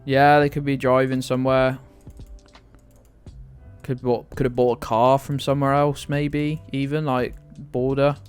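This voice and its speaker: A man's voice: medium pitch, level tone, unhurried, clean tone, faint music behind. A man streaming a guessing game, rambling and self-deprecating, with plenty of swearing. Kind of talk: live-stream commentary.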